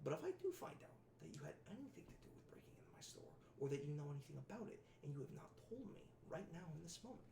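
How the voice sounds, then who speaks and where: A woman's voice: fairly low pitch, sing-song, normal speed, background noise. A woman voicing a scheming middle-aged male con man who runs a shop, with an oily, stammering, wheedling manner in a tabletop game. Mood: menacing. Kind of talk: tabletop game role-play. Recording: roomy echo, distant from mic.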